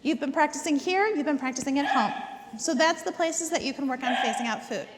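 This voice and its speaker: A woman dog trainer leads a group class in a very high voice. She repeats words for emphasis and keeps checking in with "okay?". Her voice rings with a long reverb through an indoor training hall, over faint background noise. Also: a little fast.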